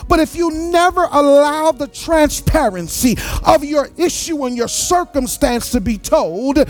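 High-voiced preacher with a sing-song cadence. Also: male voice, expressive, measured pace, hardly any pauses, soft background music. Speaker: pastor. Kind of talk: sermon.

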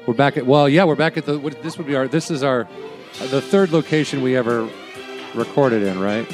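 A man's voice: medium pitch, fairly quick, over music. A man co-hosting a podcast in casual chat, ribbing his friend with teasing sarcasm. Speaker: podcast co-host. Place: home studio.

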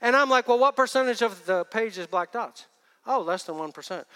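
A male pastor delivers a sermon in a high, bright, forceful voice, very animated at a moderate pace. He sinks into hushed asides, then climbs to loud, emphatic bursts, with the long reverb of a large church hall behind him.

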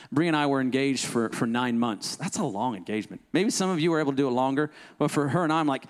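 A man's voice: mid-range voice, quick pace, in a large hall. A young adult man preaching a sermon as pastor, impassioned and rising to fervent pleading.

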